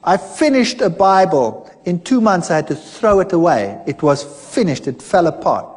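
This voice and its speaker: A man's voice: high voice, sing-song, normal speed, husky, big-room sound. A middle-aged man, a former lecturer, telling his story animatedly and acting out the dialogue. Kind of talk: personal testimony talk.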